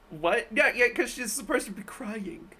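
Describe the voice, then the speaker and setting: Blunt, animated woman streamer. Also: fairly high pitch, slow, husky. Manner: blunt, profane, animated and laughing. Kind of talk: casual live-stream commentary.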